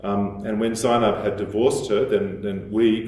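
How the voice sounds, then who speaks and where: A man giving a lecture in a measured, explanatory way, with fillers and restarts as he thinks aloud. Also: fairly low pitch, flat delivery, a little mellow. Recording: echoey hall, voice from a distance.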